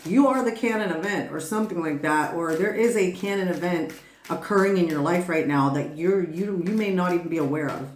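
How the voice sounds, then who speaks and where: A woman's voice: lowish voice, normal speed, darkish tone, roomy sound, a little hiss or hum. A woman giving a casual tarot reading who rambles, laughs often and swears freely. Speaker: tarot reader.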